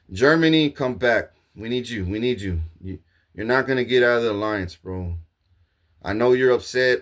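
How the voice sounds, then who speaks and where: A man delivering a rambling, profane monologue, grandiose and repetitive, with frequent restarts. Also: on the low side. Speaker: self-proclaimed king ranting to camera.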